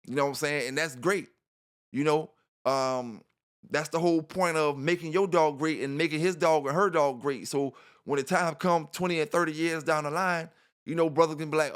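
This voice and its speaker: Rambling man with a higher voice. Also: moderate pace, fairly bright tone, clear, resonant tone. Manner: rambling, repeats himself, frequent "you know". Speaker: dog channel host. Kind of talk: casual spoken monologue.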